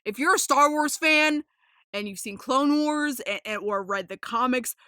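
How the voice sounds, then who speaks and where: A young woman hosting a casual podcast, rambling with lots of fillers, swearing freely and getting excited. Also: high-pitched, a little slow, no echo, studio quality. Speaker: podcast host.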